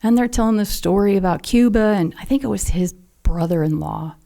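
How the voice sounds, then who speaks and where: This mother of a fallen SEAL appears as a podcast guest, recounting a personal story with heartfelt earnestness and occasional near whispers. The older woman's mid-range voice is brisk, gravelly and dark.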